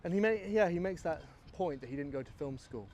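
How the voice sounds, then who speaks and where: A posh-accented filmmaker from England muses through a rambling, self-mocking vlog monologue recorded outdoors, with slight background noise. His voice is a little high and a little mellow, expressive, and he talks fast.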